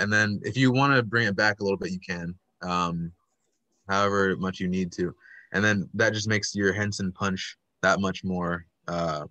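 A man's voice: low voice, sharp tone, dry recording. A man instructing an online puppetry workshop over a video call, patient and encouraging as he explains step by step.

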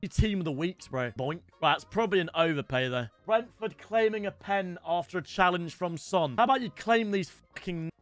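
A young British man streaming a football game, chatting with viewers and swearing in loud outbursts. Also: high-pitched, moderate pace, hardly any pauses, soft background music. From Britain. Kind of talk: casual game stream chat.

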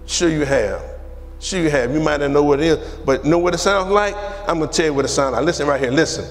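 A man preaching a sermon and telling a personal testimony, animated and repeating his phrases for emphasis, with laughs. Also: a little high, fast talker, in a large hall, faint music behind.

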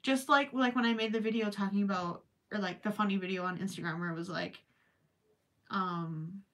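Woman streamer, casual craft chat, bright voice, a little off-mic, swings from emphatic to hushed. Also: medium pitch, a little fast, distant mic. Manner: animated, emphatic, trails off to near-whispers. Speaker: crochet live streamer.

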